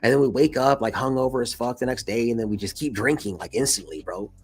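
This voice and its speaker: A man's voice: medium pitch, quick pace, faint music behind. A man in his thirties casually telling a personal story straight to camera, full of slang and swearing, with laughs between lines. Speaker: vlogger.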